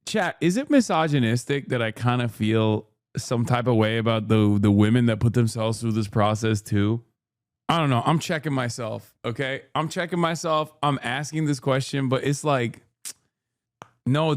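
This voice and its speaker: A man's voice: medium pitch, normal speed, dry recording, studio quality. A man streaming and talking to his chat in a casual, self-questioning way, often repeating himself. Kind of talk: casual reaction commentary to chat.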